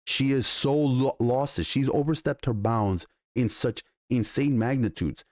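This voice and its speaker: A man casually reviewing a TV episode, retelling scenes with excited, profane enthusiasm and quoted dialogue. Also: lowish voice, no room sound, clean studio sound. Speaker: TV show reviewer.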